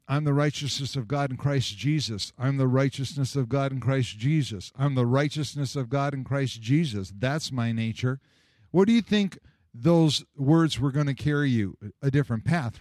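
A man's voice: mid-range voice, darkish tone, no room sound. Storytelling male preacher, dry close sound. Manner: storytelling, acts out quoted voices, chuckles at own jokes. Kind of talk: sermon.

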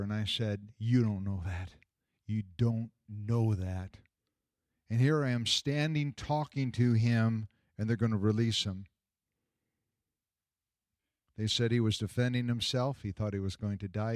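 A man's voice: dry recording, studio quality. Older man telling a story emphatically. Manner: emphatic, repetitive, rising to a high pitch on key points. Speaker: pastor and jail chaplain. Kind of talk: personal storytelling.

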